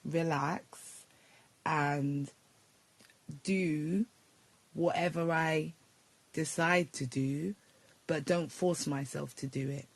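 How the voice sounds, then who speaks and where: A woman from the UK chatting casually as a guest, easygoing and quick to giggle. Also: sits low, fairly even intonation. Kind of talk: casual chat.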